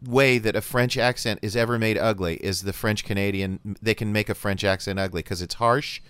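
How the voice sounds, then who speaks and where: A man's voice: fairly low pitch, steady tone, brisk, a bit bright, clean tone, no echo. An older man in a casual panel chat, opinionated and often searching for his words.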